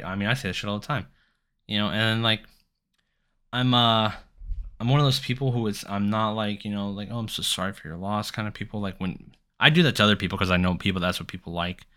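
Solo podcast host, man in his 30s. Deep, crisp and clear voice, casual, swears a lot and rambles. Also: fairly even intonation, brisk, pushed and bright. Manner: rambling storytelling, heavy swearing and filler words.

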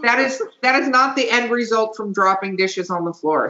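A woman's voice: a little high, moderate pace, hardly any pauses, sharp tone. A woman hosting a podcast in casual chat, joking and laughing a lot, a bit tipsy. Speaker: podcast host. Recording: echoey room, dull lo-fi sound.

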